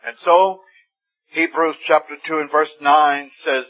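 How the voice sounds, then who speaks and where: A man's voice: on the high side, fairly even intonation, a little slow. A man preaching a sermon with fervent emphasis, his voice rising suddenly on key words. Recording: dull lo-fi recording.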